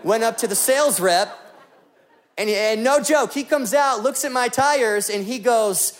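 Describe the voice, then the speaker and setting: A man's voice: extremely high pitch, a little slow. A young man preaching a sermon as a pastor, joking and telling stories with animation.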